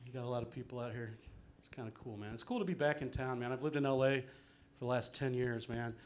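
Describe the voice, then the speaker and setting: A man's voice: mid-range voice, fast, background noise. A middle-aged man doing a live stand-up set in a small venue, rambling and self-deprecating, dropping "man" and "um" everywhere. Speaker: stand-up comedian.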